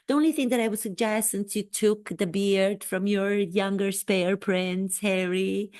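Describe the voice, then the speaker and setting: A woman's voice: mid-range voice, lightly acted. A woman doing a comic impression of a vain, gushing duchess and former actress who rambles and name-drops. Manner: rambling, self-absorbed, breezy name-dropping.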